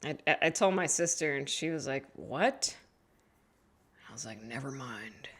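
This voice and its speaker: A woman in her thirties, a comedian telling a casual comic monologue, animated and swinging between mumbled asides and shouted bits. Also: low-pitched, fast. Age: 30s. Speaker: comedian, podcast host.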